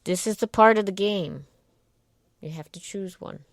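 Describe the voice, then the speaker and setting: A woman's voice: medium pitch, moderate pace, no room sound, studio quality. A woman co-hosting a casual talk show, chatty and wry, often trailing off mid-thought. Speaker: podcast co-host. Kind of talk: casual chat.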